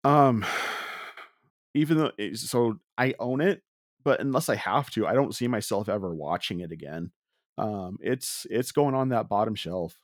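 Low-voiced male podcast co-host, halting and candid, dry close mic. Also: lively intonation, no room sound. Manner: halting, lots of restarts and fillers, candid. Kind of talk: casual movie review chat.

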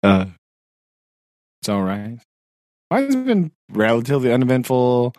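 A man's voice: mid-range voice, huge pitch swings, measured pace, a little mellow, no echo, studio quality. A man who teaches sixth grade, chatting casually on a podcast, rambling with fillers and frequent laughs. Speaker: podcast co-host. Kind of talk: casual chat.

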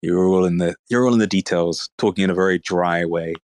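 A man with a British accent and a deep baritone voice, teasing the others in deadpan casual chat on a group voice call. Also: a little fast, dry recording.

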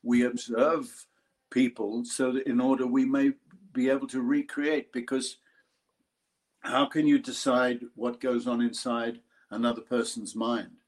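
An older Australian actor telling a lively story in an interview, acting out other people's voices. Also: male voice, mid-range voice, measured pace. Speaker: actor guest. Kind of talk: interview anecdote.

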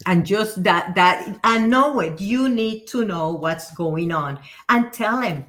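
A woman, a real estate agent guest in an interview, calmly giving practical advice with everyday examples. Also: mid-range voice, takes it slowly, hardly any pauses. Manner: calm, advising, gives practical examples. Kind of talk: casual interview chat.

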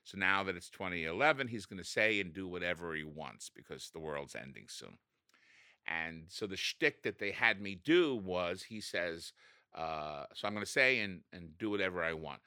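A man, an actor, telling a story in a casual interview, jumping up in pitch as he acts out what people said. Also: moderate pace, clean tone, no echo, studio quality. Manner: animated, acts out quotes with big pitch jumps.

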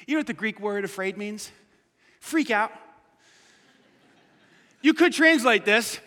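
A pastor delivers a casual, conversational sermon in a church, his voice very high and bright. He swings from loud urging to hushed asides. A long reverb trails every phrase. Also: normal speed.

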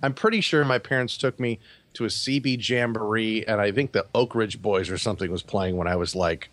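A man in his forties, a podcast co-host, telling a story in a halting, self-correcting way. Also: lowish voice, a bit bright, dry recording. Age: 40s. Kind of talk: casual chat.

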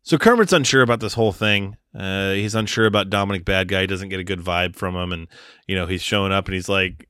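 A man's voice: low voice, steady tone, fast, bright, forceful tone, clean tone, dry recording, studio quality. A man co-hosting a casual movie podcast, recapping a film's plot in a loose, joking way. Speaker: podcast co-host.

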